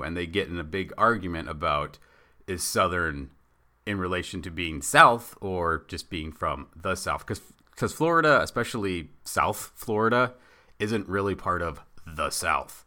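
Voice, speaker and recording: A man co-hosting a casual wrestling chat, rambling and animated as he pitches ideas. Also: moderate pace. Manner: rambling, animated, acts out bits in silly voices. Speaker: podcast co-host.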